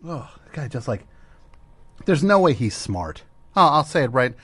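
A man's voice: mid-range voice, very animated, unhurried, pauses often, fairly bright tone, slightly rough, no room sound. A male radio host riffs on a clip in a sarcastic, mocking way, often breaking into laughter. His voice swoops around animatedly, and the studio recording sounds close and dry. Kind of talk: comedic radio commentary.

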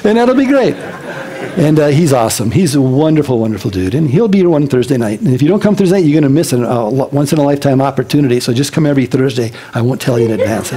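A pastor giving a casual, chatty sermon, telling personal stories in an animated way and laughing along the way. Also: male voice, medium pitch, fast talker, poor audio.

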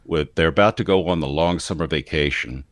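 A man's voice: extremely low pitch, a little fast, dry recording, studio quality. A man with a standard American accent, co-hosting a casual news discussion and explaining things at length. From Philadelphia area, United States. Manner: talks in long explanatory stretches. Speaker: news commentator co-host.

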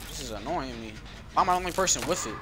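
A man giving casual live commentary over his own gameplay, excitable and easily frustrated, repeating phrases and using slang. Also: on the high side, rapid-fire. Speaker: gaming YouTuber.

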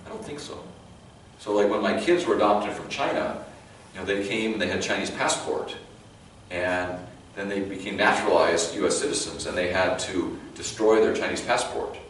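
Low-voiced Californian pastor in an echoey church. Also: male voice, a bit bright. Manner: conversational, with halting restarts and light joking. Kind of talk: sermon. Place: church sanctuary. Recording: very echoey hall, mic far off, faint noise.

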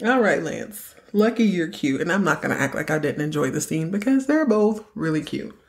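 A woman's voice: sits low, animated, moderate pace. A woman hosting a podcast, recapping a TV episode in a chatty, joking way and acting out quotes. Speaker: podcast host.

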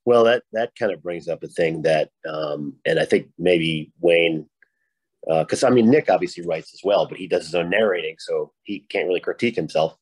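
Low-voiced Rhode Island man chatting. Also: moderate pace, breathy edge, no echo, low-quality recording. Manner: rambling, many restarts. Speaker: guest author. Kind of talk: casual panel chat.

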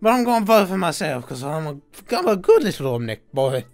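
Brief: young male gamer, high lively voice, loud and profane, joking in character. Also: fairly quick, creaky, soft background music. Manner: loud, crude and swearing, with over-the-top shouting outbursts. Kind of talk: profane in-character gameplay banter.

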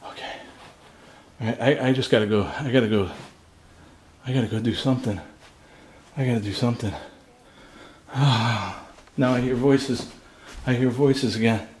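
A man's voice: medium pitch, normal speed, pauses often, darkish tone, slight background noise. A man filming a ghost-hunting vlog alone inside an abandoned house, nervous and jumpy, swearing often. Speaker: paranormal investigator vlogger.

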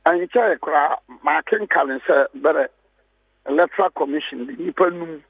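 A husky, slightly higher-voiced man with a Ghanaian accent argues his case on a radio panel, hammering home key phrases. The sound is dry and a bit muffled, like a close studio mic. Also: normal speed, no room sound. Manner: emphatic, repeats key phrases. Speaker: political guest. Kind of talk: heated radio panel talk.

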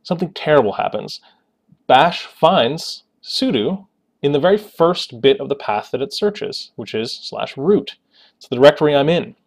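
A man's voice: fairly high pitch, lively intonation, moderate pace. A man hosting a Linux tutorial, narrating a screencast in a casual, explanatory way with joking asides.

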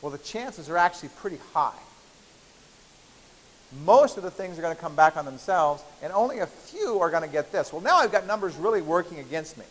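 A man's voice: fairly high pitch, expressive, brisk, a bit bright. A man lecturing a university biochemistry class in a playful, chatty way, often checking in with the students. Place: large lecture hall. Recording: hissy lecture-hall recording with long reverb.

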